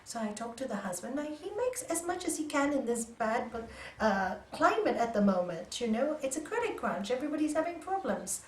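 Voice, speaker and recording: A woman yoga teacher giving an animated storytelling talk to a group, acting out dialogue and laughing often. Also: sits high, a little fast, hardly any pauses. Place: yoga centre room. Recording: echoey room from a distance.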